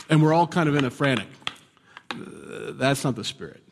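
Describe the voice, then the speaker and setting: A man's voice: mid-range voice, quick pace. Conversational male preacher in a reverberant hall. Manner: conversational, animated with sudden loud bursts. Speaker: pastor. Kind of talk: sermon.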